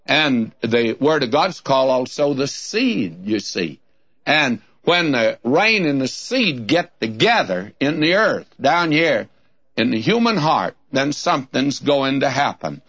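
A Bible teacher from Southern California, his voice on the high side, slightly bright, with vocal fry, reads scripture aloud in King James cadence on a taped radio show. He addresses listeners as friend in a folksy manner, and the tape sounds dull and lo-fi.

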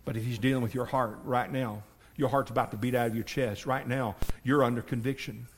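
A man's voice: mid-range voice, fairly even intonation, brisk, a little hiss or hum. A man, preaching a fervent sermon and pressing his listeners directly. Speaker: pastor.

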